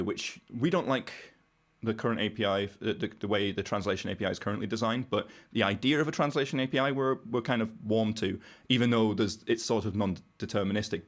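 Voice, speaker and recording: A British man with a fairly low voice talks through technical ideas on a podcast. He is casual and wry, working out his points aloud for the hosts. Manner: explanatory, wry, thinks aloud. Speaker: podcast guest, browser engineer.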